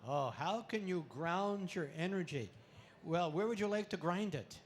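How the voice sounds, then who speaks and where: A man giving a playful talk to an audience at an expo, full of deadpan puns and laughter exercises, speaking into a handheld mic. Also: sits high, measured pace, a little hiss or hum. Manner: pun-filled deadpan jokes. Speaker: comedic spiritual speaker.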